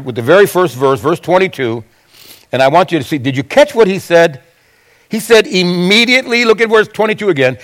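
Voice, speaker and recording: A man's voice: high-pitched, fairly bright tone. A male pastor preaching a sermon, acting out Bible quotes with frequent restarts.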